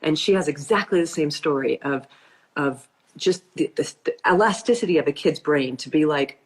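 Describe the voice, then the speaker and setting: A woman's voice: deep voice, moderate pace, breathy edge. A woman hosting a book club conversation, reflective and thoughtful as an interviewer.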